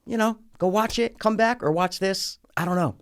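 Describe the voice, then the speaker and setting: A man hosting a casual movie review chat, loud and joking, often swearing and ranting. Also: sits high, moderate pace, clean tone. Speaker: podcast host.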